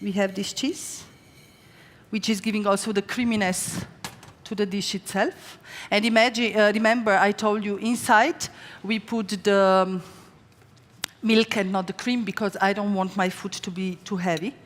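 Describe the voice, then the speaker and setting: A middle-aged woman from Slovenia talks fast and casually as she cooks on stage. Her stories bounce with quoted voices. The sound carries a long hall reverb. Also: medium pitch. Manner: chatty, fast storytelling with lively quoted voices. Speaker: chef giving a stage cooking demonstration. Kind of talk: live cooking demonstration and talk. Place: large event stage with audience.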